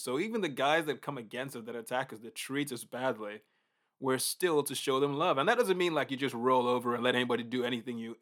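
A man preaching a casual, conversational sermon in an animated way, often acting out reactions. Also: mid-range voice.

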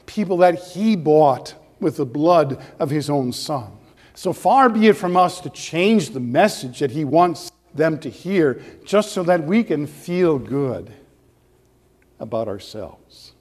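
A man delivering an earnest sermon as pastor, leaning on rhetorical questions and building to animated stretches. His voice sits a little high for a man. A long reverb trails each phrase, as in a church hall.

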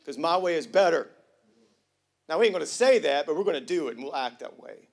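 A pastor preaching to his congregation in a high, lively voice. He talks in casual slang and jokes with the room. He drops almost to a whisper, then climbs loud and emphatic. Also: fairly quick, vocal fry. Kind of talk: sermon.

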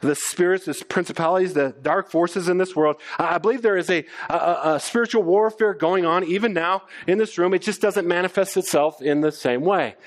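Animated pastor, high-ish voice. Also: male voice, a little fast, few pauses. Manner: animated, stammers on restarts, acts out quoted voices. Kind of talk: sermon.

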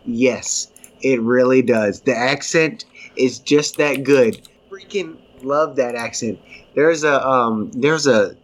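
A male podcast co-host chats casually, rambling enthusiastically and often restarting his sentences. His voice is mid-range and slow.

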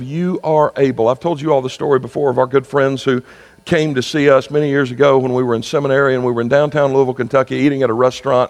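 A man, preaching a sermon in a conversational storytelling style that builds to fervent exhortation. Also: fairly high pitch. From South Carolina. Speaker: pastor. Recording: long reverb with mains hum.

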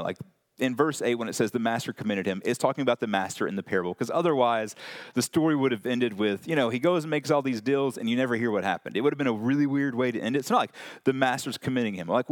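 A man preaching a casual, conversational sermon, animated and full of fillers. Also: medium pitch, no echo, studio quality. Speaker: pastor.

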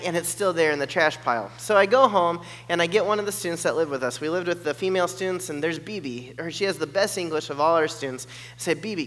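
A man telling a personal story in an animated way, acting out the voices of the people in it. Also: on the high side. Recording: long hall reverb.

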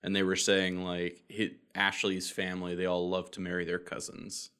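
A man's voice: low-pitched, completely flat delivery, normal speed, sharp tone, smooth. A man from the American South co-hosting a casual podcast, blunt and opinionated. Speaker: podcast co-host. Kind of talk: casual chat.

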